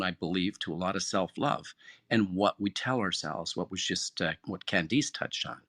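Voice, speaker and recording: A man's voice: lowish voice, a bit bright, no echo, clean studio sound. A man hosting an online audio room, giving an earnest, encouraging motivational talk. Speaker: host. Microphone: phone or headset in an online audio room.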